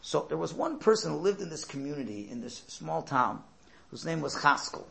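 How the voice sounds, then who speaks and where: Gravelly man telling a Hasidic folk tale. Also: a little high, normal speed. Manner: animated, sprinkled with Yiddish words, chatty asides. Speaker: storyteller.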